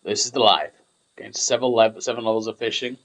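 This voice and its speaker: A man's voice: on the low side, quick pace, fairly bright tone, low-quality recording. A young man rambling through casual gameplay commentary, chatty and self-mocking.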